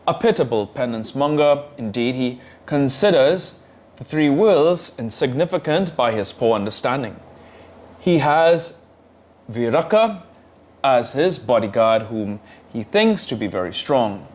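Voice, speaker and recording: A man reading scripture aloud in measured, short phrases. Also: medium pitch, lively intonation. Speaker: scripture reader.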